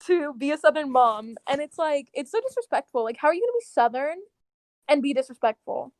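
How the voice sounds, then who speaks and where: A young woman co-hosting a podcast, animated and giggly, talking with lots of fillers. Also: high-pitched, a little fast. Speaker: podcast co-host. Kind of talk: casual chat.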